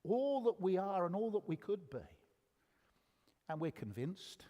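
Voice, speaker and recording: A man's voice: high voice, big pitch swings, unhurried, mellow, big-room sound. An older man giving a conversational sermon with humor, asking the audience questions as he preaches. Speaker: guest preacher. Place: church hall.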